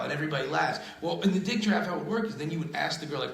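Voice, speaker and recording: A man's voice: fairly high pitch, expressive, quick pace, vocal fry, hardly any pauses, roomy sound, low-quality recording. A man who is a comedian and radio host, telling crude stories in casual chat and laughing often. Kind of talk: casual podcast chat, storytelling.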